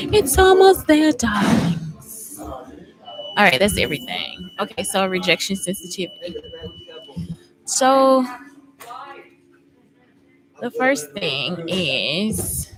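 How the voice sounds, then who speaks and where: A woman's voice: on the low side, poor audio. A woman hosting a casual podcast, chatting loosely and swearing freely as she talks to her listeners. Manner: rambling, profane, chatty with listeners. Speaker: podcast host. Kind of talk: casual livestream podcast chat.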